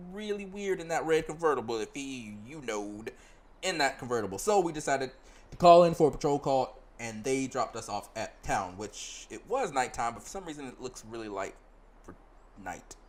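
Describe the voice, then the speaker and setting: A man doing casual, joking let's play commentary, rambling and reading game dialogue aloud. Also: mid-range voice. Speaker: gameplay commentator.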